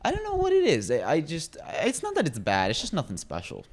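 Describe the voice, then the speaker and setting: A man's voice: a little high, wildly swooping pitch, brisk. A man co-hosting a casual podcast, ranting in a blunt way and swearing freely. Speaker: podcast co-host.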